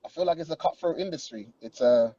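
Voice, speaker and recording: A young man answers radio interview questions in an easy, joking way, full of slang. His voice is husky and mellow, and the recording sounds slightly muffled. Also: on the high side, fast. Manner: laid-back, joking, slangy. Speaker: interview guest, DJ and artist.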